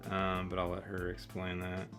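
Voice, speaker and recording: A man from Michigan with a Michigan accent, co-hosting a casual chat, explaining and gently teasing at an easy pace. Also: low voice, completely flat delivery, moderate pace, soft background music. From Michigan, United States. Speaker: co-host.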